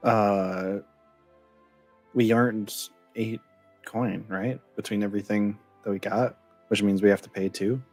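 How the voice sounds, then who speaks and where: A man's voice: lowish voice, fairly even intonation, unhurried, darkish tone, faint music behind. A young man playing a tabletop game, rambling casually with lots of "like" while describing his character. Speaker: player. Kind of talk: casual tabletop play chat.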